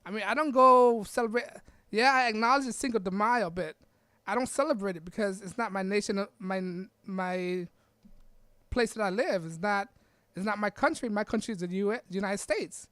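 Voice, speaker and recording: A woman's voice: medium pitch, normal speed, fairly bright tone, no room sound. A woman hosting a podcast, giving an emphatic opinion monologue full of repeated rhetorical questions and tag checks. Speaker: podcast host.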